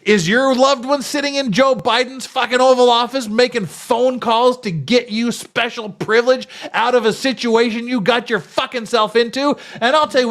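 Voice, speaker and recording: A man's voice: very high-pitched, fairly bright tone. A man hosting a commentary show, ranting in a profane, sarcastic, scornful way. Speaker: host.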